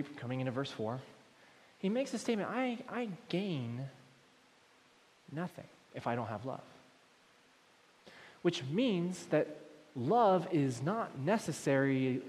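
A man preaching a sermon to a congregation, moving between loud emphatic points and quiet, low asides. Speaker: pastor. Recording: long hall reverb.

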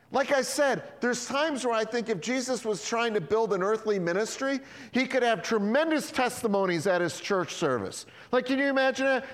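A male pastor preaches with a high, expressive voice that swoops up and down. He acts out the dialogue as he goes. A long reverb carries through the church hall. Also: a little slow. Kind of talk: sermon.

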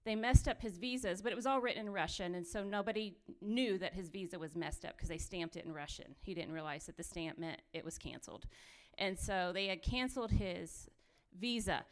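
A woman telling her own mission trip story with lively, run-on phrasing, laughing often as she goes. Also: fairly low pitch, brisk, hardly any pauses. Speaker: missionary sharing testimony. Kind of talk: animated personal storytelling.

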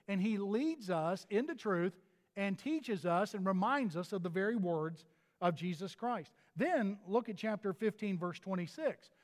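A man's voice: sits high, big-room sound. A pastor delivering a sermon in an earnest manner, often restarting his phrases.

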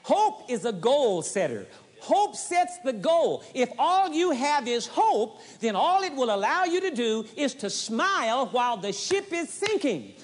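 A man's voice: very high-pitched, very animated, unhurried. A man preaching a sermon with emphasis, driving points home by repeating short phrases. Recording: long hall reverb, 1980s audio tape.

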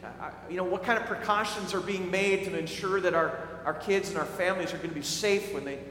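Earnest pastor guy, highish voice, stumbles on repeats, church hall echo. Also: fairly quick, pushed and bright, a little hiss or hum. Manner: earnest, repeats words when starting sentences. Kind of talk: sermon. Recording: echoey hall with faint ambience.

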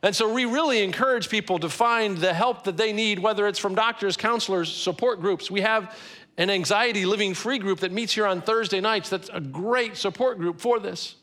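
A man in his forties preaches with a high, bright voice that carries easily. His delivery is earnest and conversational, and he draws out key phrases for weight. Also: normal speed. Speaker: pastor. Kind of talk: sermon.

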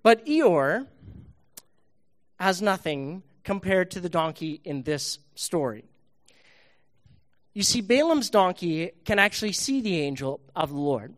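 A man, a pastor, telling a Bible story to children in a church service, playful and animated. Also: high-pitched, unhurried, pauses often.

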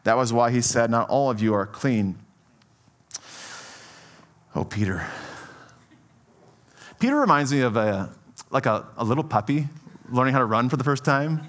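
A man preaching a sermon in a conversational, animated way, often checking in with "right?" and swinging between soft and emphatic delivery. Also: mid-range voice, normal speed, pauses often.

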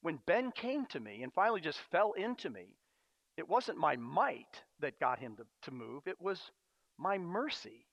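A man preaching a sermon as a pastor, earnest and storytelling, often pausing on fillers. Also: on the high side, big pitch swings, a bit bright, dry recording. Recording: dry, dull lo-fi sound.

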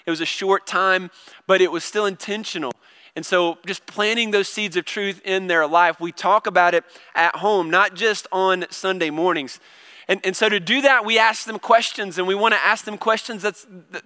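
A middle-aged man preaching to a congregation, his voice high and bright against the long reverb of a big church hall. He talks in a loose, self-deprecating way and keeps restarting his sentences as he tells stories about his own children. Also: fairly even intonation, normal speed, clear, resonant tone. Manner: conversational, self-deprecating storytelling with many restarts. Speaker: pastor. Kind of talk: sermon.

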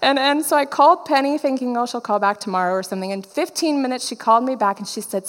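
A woman's voice: high-pitched, fast, few pauses, big-room sound. A woman preacher giving a personal testimony sermon, telling her story and acting out the dialogue.

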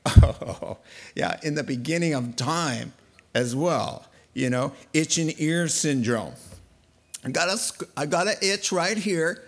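A man preaching a sermon, telling a Bible story in an animated, playful way. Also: on the high side, slow. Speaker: pastor.

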